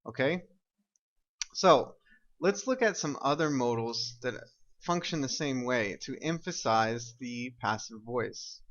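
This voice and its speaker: A man's voice: mid-range voice, fairly bright tone, muffled recording. A man teaching an English grammar lesson, explaining step by step and often checking with "right?" and "okay?".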